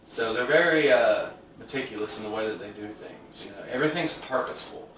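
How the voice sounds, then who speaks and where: A man's voice: on the low side, fairly quick, fairly bright tone. A man co-hosting a casual podcast chat, telling stories with a lot of swearing and laughter. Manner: profane, laughing storyteller. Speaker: podcast co-host. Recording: echoey room from far off, some noise.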